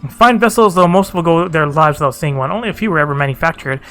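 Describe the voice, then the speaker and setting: A genial, confident engineer from a fantasy game, chatty and proud of his work, read by a man. The voice is bright and on the high side. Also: fast, faint music behind.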